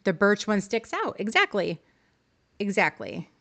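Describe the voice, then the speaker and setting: A woman's voice: medium pitch, very animated, a little slow, fairly bright tone. A woman hosting a live stream, coaching her viewers through decorating choices in a friendly, upbeat way and answering chat as she goes. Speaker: livestream host teaching game decorating.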